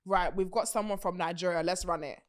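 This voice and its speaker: Animated young British woman hosting a podcast. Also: fairly low pitch, fairly quick. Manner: animated, laughs often, swears casually. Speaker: podcast host. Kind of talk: casual chat.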